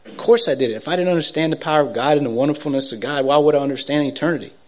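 A middle-aged man giving an emotional personal testimony, halting and repetitive, swinging from urgent to hushed. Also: a little high. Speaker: testimony speaker.

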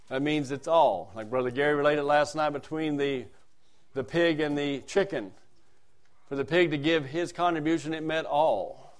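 A male preacher giving a sermon. He drops to soft, quiet asides, then rises to loud, emphatic lines, and reads scripture in a raised, declaiming voice. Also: a little high, moderate pace, clean tone.

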